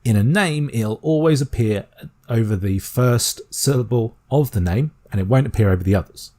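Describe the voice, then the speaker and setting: A British man explaining a constructed language step by step in a calm, methodical tutorial voice. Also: mid-range voice, normal speed. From Britain. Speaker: language teacher.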